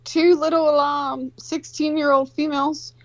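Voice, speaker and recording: A woman's voice: sits high, flat delivery, unhurried, no room sound, lo-fi sound. A woman in her forties telling a long, profane, rambling story in casual chat.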